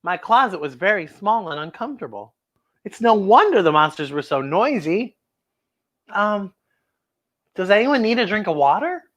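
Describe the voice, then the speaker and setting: A woman's voice: medium pitch, sing-song, normal speed, long pauses, fairly bright tone. A woman voicing a brave, caring young girl in a picture-book story, speaking earnestly and with kind concern.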